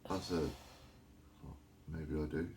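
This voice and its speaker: A man's voice: very deep voice, fairly even intonation, a little slow, vocal fry, a little mellow, a little hiss or hum. A man casually recounting an anecdote in a home living room, animatedly acting out the voices of the people he quotes. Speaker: vlogger.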